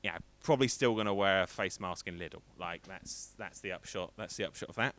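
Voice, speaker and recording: A man's voice: deep voice, fairly quick, fairly bright tone. A man in his thirties doing a rambling, self-deprecating stand-up set on a stream. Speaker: stand-up comedian.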